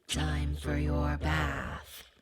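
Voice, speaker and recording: A woman voicing an evil possessed teenage girl in a husky, rasping voice, speaking slowly with a menacing whisper. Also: sits low, completely flat delivery, dry recording, studio quality, pitched below the performer's own voice, exaggerated voice.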